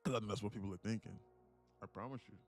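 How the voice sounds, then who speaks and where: A man's voice: lowish voice, rapid-fire, soft background music. A man hosting a live day-trading stream, chatting casually with viewers, joking and swearing freely. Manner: profane, joking, laughs often, lively delivery. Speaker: livestream day trading host. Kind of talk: casual livestream chat.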